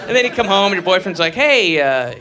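A grown man doing a crude stand-up routine on a club stage. He rambles through fillers and restarts, then breaks into loud acted outbursts. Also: sits high, racing, a faint crowd. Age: adult. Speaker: stand-up comedian.

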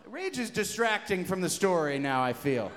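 High-pitched guy ranting a story on stage, swears a lot, yells now and then, long hall echo. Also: moderate pace, background noise. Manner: profane, animated storytelling with sudden shouts. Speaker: comedy musician on stage. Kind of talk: rambling live stage banter.

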